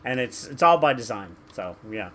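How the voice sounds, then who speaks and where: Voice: medium pitch, expressive, normal speed, fairly bright tone. A talker, ranting emphatically in casual podcast chat with stumbling restarts. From Canada.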